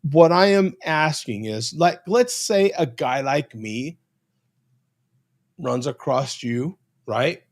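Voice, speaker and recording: An American man speaks slowly and deliberately, setting up each question with care. His voice sits somewhat high for a man, and he stays polite and measured throughout. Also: lively intonation. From United States. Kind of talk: casual conversation.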